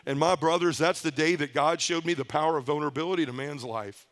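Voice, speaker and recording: A man giving a personal testimony at a men's conference, a lively storyteller who acts out the voices of the people in his story. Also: fairly high pitch, fast. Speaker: conference speaker.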